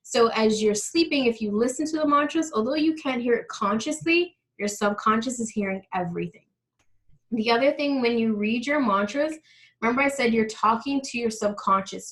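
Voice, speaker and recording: A woman's voice: mid-range voice, fairly bright tone, low-quality recording. A woman teaching a live online workshop on money mindset, explaining steps and speaking directly to her audience.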